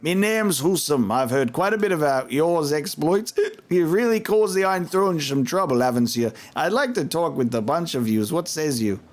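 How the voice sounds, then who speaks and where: A man's voice: medium pitch, brisk, few pauses, a little mellow, lightly acted. Hussam, a man doing a bitter tipsy barkeep. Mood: aggrieved. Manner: rambling, aggrieved, chuckling mid-sentence. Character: bitter, tipsy male innkeeper ruined by rivals.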